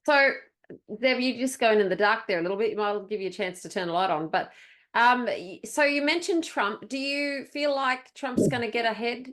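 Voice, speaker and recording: A woman's voice: on the high side, moderate pace, fairly bright tone. A woman hosting an interview, asking short probing questions.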